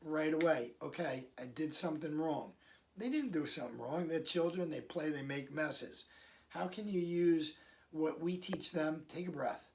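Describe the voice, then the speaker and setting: A man's voice: on the high side, creaky, a little mellow. A man with a slightly raised voice talks parents through advice in an easygoing, conversational way, breaking into short acted-out lines of parent and child. He sits a bit back from the mic, so the sound is slightly distant. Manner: conversational, acts out parents and kids in quick asides. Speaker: parenting coach. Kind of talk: casual advice talk to camera.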